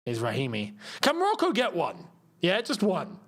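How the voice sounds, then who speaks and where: A man's voice: high-pitched, wildly swooping pitch, normal speed, a bit bright. A young man hosting a live football watchalong, chatting casually, laughing often and reading viewer comments aloud.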